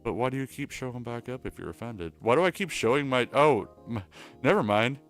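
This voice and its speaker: A man's voice: medium pitch, animated, a little fast, a bit bright, soft background music. A man streaming from home, chatting casually in a rambling, crude, joking way. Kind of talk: casual livestream chat.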